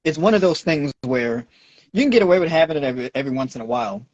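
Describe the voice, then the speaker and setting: A man's voice: a little high, lively intonation, racing, a little mellow, no room sound, dull audio. A man with a New York accent, a nutrition and fitness coach, explaining at length in a lecturing way and checking in with "right?". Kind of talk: explaining in a podcast Q&A.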